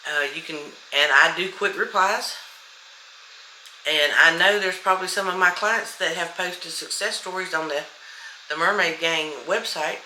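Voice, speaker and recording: A woman's voice: on the low side, measured pace, sharp tone, reverberant, a little hiss or hum, low-quality recording. A woman coaching viewers in casual motivational talk, blunt and to the point, repeating affirmations. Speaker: manifestation coach.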